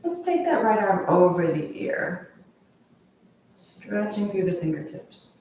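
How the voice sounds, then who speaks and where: A woman leading a yoga class, calmly cueing each pose in time with the breath. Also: medium pitch, a little slow, slight background noise. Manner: calm, steady cueing of poses with the breath. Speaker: yoga instructor. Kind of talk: guided yoga class instruction. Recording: very echoey room, voice from far off.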